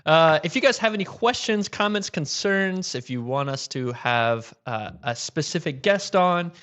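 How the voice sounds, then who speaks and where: A man's voice: a little high, lively intonation, measured pace, fairly bright tone, smooth. A man co-hosting a casual livestream, chatty and easygoing, reading viewer comments aloud.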